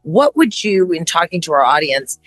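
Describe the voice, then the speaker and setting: A woman's voice: sits low, sing-song, moderate pace, a bit bright, dry recording, soft background music. A woman hosting a fireside chat who frames long, winding questions and interjects brief affirmations. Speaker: interview host.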